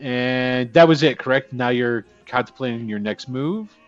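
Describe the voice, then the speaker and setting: A man running a tabletop game as game master, animated, laughing and swearing casually. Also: mid-range voice, normal speed. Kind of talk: narrating a tabletop game session. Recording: dull lo-fi sound with faint music.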